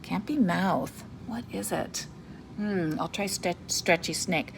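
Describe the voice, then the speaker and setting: Woman teacher, kids' video lesson; animated sing-song delivery, gravelly edge, light background noise. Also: on the low side, slow pace. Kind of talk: video lesson for young children.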